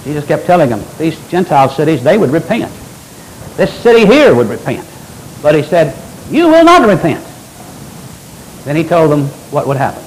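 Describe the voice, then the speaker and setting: An older man preaching a sermon as pastor, with animated delivery and folksy asides. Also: fairly high pitch, a little fast, a little hiss or hum, low-quality recording.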